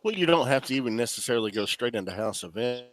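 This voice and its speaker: A man's voice: mid-range voice, lively intonation, fast talker. A man in casual podcast chat, thinking aloud with many fillers. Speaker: podcast guest.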